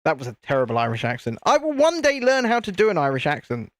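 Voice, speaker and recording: High-voiced, chatty British man. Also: wildly swooping pitch, quick pace, a bit bright, no room sound, studio quality. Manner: chatty and jokey, laughs often, restarts sentences. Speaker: live-stream host. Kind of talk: casual chat while building, answering viewer comments.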